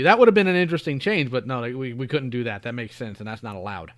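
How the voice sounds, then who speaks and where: A man on a podcast, chatting casually and critically, often trailing off quietly. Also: mid-range voice, quick pace, few pauses. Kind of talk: casual chat.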